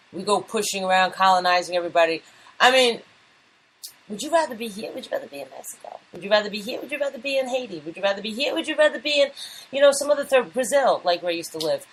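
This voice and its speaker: A woman's voice: medium pitch, animated, fast talker, slight background noise, poor audio. Woman co-host, teasing and chatty, casual talk show.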